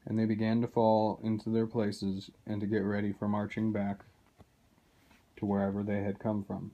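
A man reads a children's novel aloud at a steady, unhurried pace. His voice is low and very dark, with little movement in pitch. The recording is dull and muffled, like a cheap home setup. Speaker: reader.

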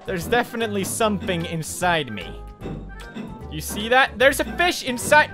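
An excitable man giving let's play commentary, his pitch leaping all over. He talks slowly between bursts of laughter and shouting. Game music plays clearly behind him. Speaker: gaming commentator.

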